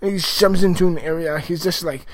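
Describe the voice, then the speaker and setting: A man giving a casual spoken review of a TV episode, rambling and excitable, with lots of fillers and restarts. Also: fairly high pitch, fairly quick, a crowd in the background, low-quality recording.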